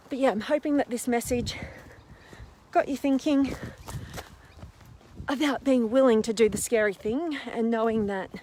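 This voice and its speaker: A woman with a high, bright-pitched voice chats on a phone camera while hiking a steep, windy hill, a little out of breath. She is bubbly and warm-sounding in her enthusiasm, reading viewers' names with plenty of ums. Faint outdoor noise sits behind her. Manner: bubbly, reading out viewer comments with lots of fillers. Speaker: host of a live stream. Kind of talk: casual live-stream chat while exercising outdoors. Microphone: phone camera held while walking.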